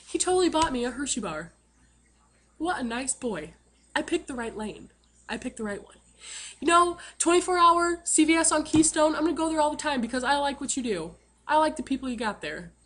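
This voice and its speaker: A woman's voice: sits high, animated, brisk, a bit bright. A woman telling a funny story to her camera in a chatty, self-mocking way, full of fillers. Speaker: vlogger.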